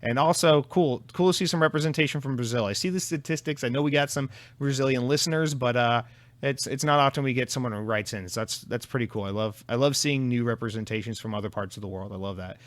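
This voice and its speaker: A man's voice: medium pitch, fast talker, no room sound. Brief: young male podcaster, mid-range voice, loose profane rambling, dry studio sound. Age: 20s. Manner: rambling, profane, self-deprecating. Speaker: podcast host. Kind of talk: casual solo podcast chat.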